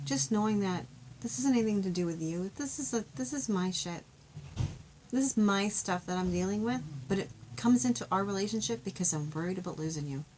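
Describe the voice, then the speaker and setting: A woman gives a love reading from a card deck, talking in a gentle, chatty, heartfelt way. Her voice sits at an everyday middle pitch. A faint hiss runs under the recording. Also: poor audio. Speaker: tarot card reader. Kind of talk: intuitive card reading to camera.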